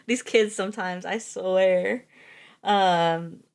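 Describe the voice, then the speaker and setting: A woman's voice: medium pitch, extremely slow, creaky, clear, resonant tone. A young woman streamer reading fairytales aloud, casual and chatty, laughing easily and correcting her own slips.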